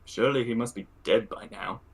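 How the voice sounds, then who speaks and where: A man reading a haughty imperial governor, husky. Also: medium pitch, a little fast. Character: cold imperial male governor. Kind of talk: casual script read-through.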